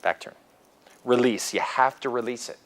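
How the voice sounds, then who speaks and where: A man teaching a seminar, lively and animated, acting out bits of dialogue as he explains. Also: medium pitch, moderate pace. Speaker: seminar instructor. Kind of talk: lecture to a class.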